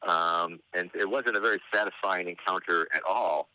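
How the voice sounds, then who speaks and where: Bright-voiced man telling wry stories. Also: deep voice, no room sound, low-quality recording. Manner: meandering, halting delivery with frequent hesitations; dry, wry humor. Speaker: interview guest. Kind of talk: casual anecdotal storytelling.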